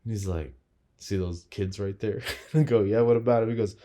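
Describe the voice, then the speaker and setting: A man's voice: on the low side, fairly quick. A young man co-hosting a casual podcast chat with his wife, telling stories with lots of laughter and quoted voices. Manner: animated storyteller, laughs often, quotes people with voices. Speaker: podcast co-host.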